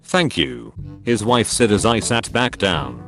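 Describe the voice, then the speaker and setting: Male narrator, low and lively, deadpan joke reading, faint music underneath. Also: unhurried. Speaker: narrator reading Reddit posts. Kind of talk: scripted narration of jokes.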